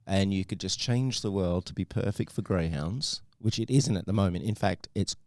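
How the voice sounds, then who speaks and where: Low-voiced playful woman podcast host. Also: moderate pace, darkish tone, no room sound, clean studio sound. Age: 40s. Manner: playful, teasing, laughs often. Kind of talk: casual chat with children.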